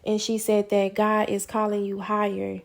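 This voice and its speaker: A woman's voice: medium pitch, normal speed, creaky. A woman telling a personal faith testimony in a casual vlog, acting out her own prayers as she goes. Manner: animated storytelling, acts out her own quoted prayers. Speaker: faith vlogger.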